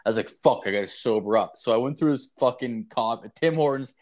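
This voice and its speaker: A man's voice: medium pitch, fast talker. A young man, co-hosting a podcast and telling crude, rambling stories full of swearing and fillers. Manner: profane, rambling, lots of fillers. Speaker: podcast co-host. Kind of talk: crude casual storytelling.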